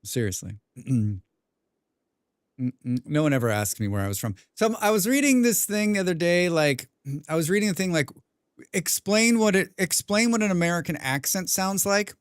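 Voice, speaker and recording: A young man streaming a game, chatting casually with his viewers, rambling and clearing his throat often. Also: sits high, animated, moderate pace, no echo, studio quality. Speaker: gaming livestreamer. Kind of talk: casual livestream chat while playing.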